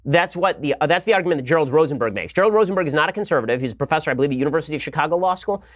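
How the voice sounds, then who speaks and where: A man with a slightly raised pitch rattles through a combative commentary monologue at high speed. He talks with a sarcastic, mocking edge. His voice sits dry and close, with no room sound around it. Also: expressive, very fast, no echo. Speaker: political commentary host.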